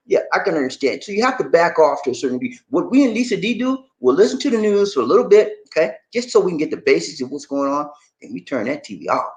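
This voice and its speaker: A man hosting a casual livestream, answering viewers' comments in an animated, preachy way and often tagging his sentences with "man" and "y'all". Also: mid-range voice, brisk. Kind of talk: casual live chat with viewers.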